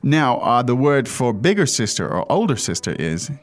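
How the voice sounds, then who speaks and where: A man's voice: medium pitch, big pitch swings, normal speed. A man hosting a language-lesson podcast, who explains patiently and keeps checking in with his co-host. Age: adult father.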